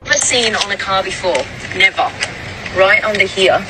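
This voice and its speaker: A woman giving a deadpan, mock-serious explanation in a comedy clip. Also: mid-range voice, moderate pace, far from the mic, music in the background, low-quality recording.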